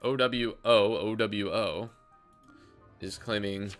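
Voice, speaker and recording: A man's voice: lowish voice, takes it slowly, a bit bright. A young man giving casual, chatty commentary over an online game, with frustrated asides and stumbling restarts. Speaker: gameplay commentator. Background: faint intro music.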